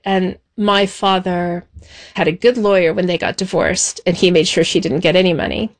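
A woman being interviewed, telling a childhood memory in a reflective, measured way with soft pauses. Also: fairly low pitch. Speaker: interview guest. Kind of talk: personal recollection.

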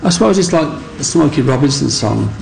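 Gravelly older man. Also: on the high side, expressive, a little fast, music in the background, rough recording. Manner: rambling, earnest, with frequent asides. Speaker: interviewee. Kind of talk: reflective storytelling.

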